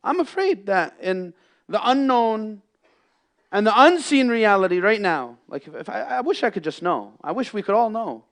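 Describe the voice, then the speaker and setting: A man with a fairly high voice preaches a Friday sermon in a mosque. He builds to loud, emphatic peaks and then drops to hushed, quiet lines. He often slips Arabic phrases into his English. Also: big pitch swings, moderate pace. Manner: impassioned, swings between loud emphasis and hushed lows, mixes in Arabic phrases. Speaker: imam giving a Friday sermon. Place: mosque prayer hall.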